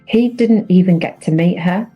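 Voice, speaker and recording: A woman in her thirties speaks as a podcast guest, with a lowish voice and an earnest, reflective way of telling her story. It is a candid, unscripted conversation with faint music underneath. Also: normal speed, dark tone, husky, poor audio.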